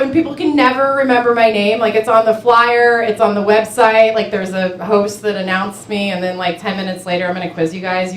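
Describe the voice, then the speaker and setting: A young woman doing a stand-up comedy set, chatty and self-mocking, filling her talk with "like" and laughing at her own jokes. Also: fairly high pitch. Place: small club stage with audience. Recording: echoey club with crowd noise. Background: audience laughter and chatter.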